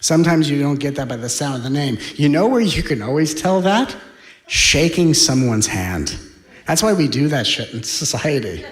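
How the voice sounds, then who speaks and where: A man giving a spiritual talk, speaking in slow, deliberate phrases and dropping to a hushed whisper for emphasis. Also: a little high, expressive, reverberant. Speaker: spiritual teacher.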